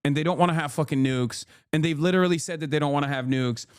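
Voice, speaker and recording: A male streamer rants at his chat in a raised, fairly high voice, swearing freely as he argues point after point. The sound is close and dry, with no room around him. He slips between loud tirades and quieter apologetic asides. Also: fast, smooth, no echo. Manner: profane, loud ranting, swings into apologetic asides. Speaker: live streamer and political commentator. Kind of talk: heated live-stream commentary to chat.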